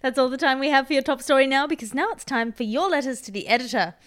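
A woman hosting a comedic news podcast, quick-witted and laughing often. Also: high-pitched. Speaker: podcast host.

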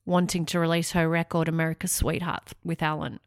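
A woman's voice: deep voice, brisk, clean tone, no room sound, clean studio sound. A woman, a music broadcaster telling stories in a casual interview and laughing often. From Australia. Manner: animated storytelling, laughs often.

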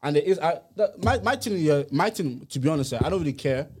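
Guy from ireland, kinda high voice, pushes his point hard, keeps cutting in on a podcast. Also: animated, quick pace, slightly rough. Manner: insistent, talks over others. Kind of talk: heated casual podcast debate.

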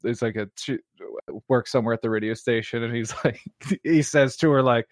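A man's voice: mid-range voice, a little fast, no room sound. A man co-hosting a podcast, telling a story in casual chat, rambling and laughing often. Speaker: podcast co-host.

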